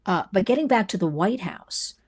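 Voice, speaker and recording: A woman's voice: medium pitch, expressive, normal speed, darkish tone, husky, no echo. Passionate woman host telling stories. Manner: passionate, digressive storytelling. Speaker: host and advocate. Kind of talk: live-stream talk to viewers.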